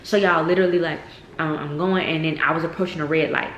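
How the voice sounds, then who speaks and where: Low-voiced woman telling a storytime. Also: fast, muffled recording. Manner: animated, addresses viewers as y'all, many fillers. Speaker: vlogger. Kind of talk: casual storytime. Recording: echoey room with faint noise.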